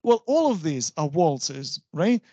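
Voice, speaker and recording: A university lecturer, explaining patiently and often checking understanding with a quick "right?". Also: mid-range voice, big pitch swings, mellow, no room sound. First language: Russian. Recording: dull, dry lo-fi recording.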